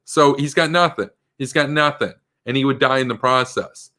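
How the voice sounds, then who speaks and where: A man's voice: medium pitch, normal speed, sharp tone. A man giving a political commentary monologue in an emphatic, combative way, full of rhetorical questions.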